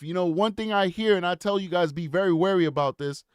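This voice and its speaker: A man speaking straight to his audience in personal commentary, earnest and reflective, then pressing hard with impassioned questions. His voice sits on the higher side for a man. The sound is close and dry, with little room around it. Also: brisk, clear, resonant tone, dry recording. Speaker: channel host.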